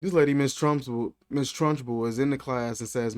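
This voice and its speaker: A man giving a casual movie review, animated and incredulous, talking in loose slang. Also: medium pitch, moderate pace, few pauses. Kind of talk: casual film commentary.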